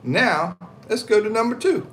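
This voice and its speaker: A man's voice: high-pitched, moderate pace. Laid-back American man chatting on a livestream. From United States. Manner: laid-back, chuckling, reads comments aloud with animated voices. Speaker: livestream host reading chat. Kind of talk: casual livestream chat. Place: at home in the Philippines.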